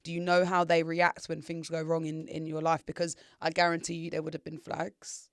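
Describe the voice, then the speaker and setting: A woman's voice: deep voice, completely flat delivery, fairly quick, dry recording, clean studio sound. A woman in her thirties, co-hosting a podcast, giving advice in casual, reflective chat. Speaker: podcast co-host.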